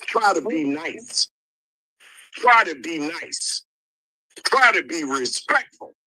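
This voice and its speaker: A man's voice: fairly high pitch, animated, slow, pushed and bright, no echo, poor audio. A man arguing furiously on a livestream call, cursing and repeating insults over and over. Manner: angry, profane, repeats insults. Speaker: livestream participant. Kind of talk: heated livestream argument. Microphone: streaming call mic.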